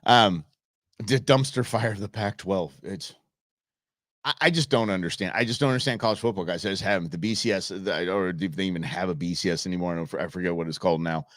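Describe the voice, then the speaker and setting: A man's voice: sits low, quick pace, a bit bright, dry recording, clean studio sound. A man hosting a live show, telling rambling stories and answering chat with frequent restarts and asides. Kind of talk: casual rambling live-stream commentary.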